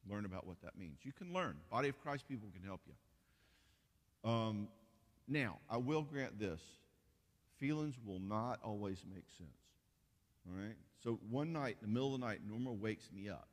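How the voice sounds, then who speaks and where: A man's voice: on the low side, expressive, moderate pace. Joking male counselor in an echoey hall. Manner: casual, joking, full of fillers and restarts. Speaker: marriage counselor speaking at a church conference. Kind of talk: conference talk to couples. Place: church hall.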